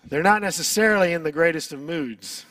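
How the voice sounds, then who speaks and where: A man with a notably high voice preaches a sermon in an easy, conversational way. He asks rhetorical questions and speeds up or slows down to stress a point. His voice sounds close and dry, with no room echo. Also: fairly bright tone. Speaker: pastor.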